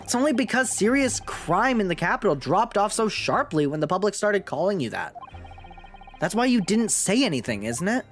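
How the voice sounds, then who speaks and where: A woman's voice: medium pitch, sing-song, moderate pace, a little hiss or hum, natural voice. A woman voicing an earnest young male defense lawyer in a game, reasoning aloud in plain speech.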